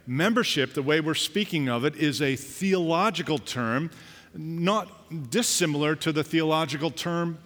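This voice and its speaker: A man with a fairly high voice preaches a conversational sermon, acting out little scenes to make his point. The sound rings with the long reverb of a church hall. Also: fairly bright tone. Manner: conversational preaching with acted-out anecdotes. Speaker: pastor.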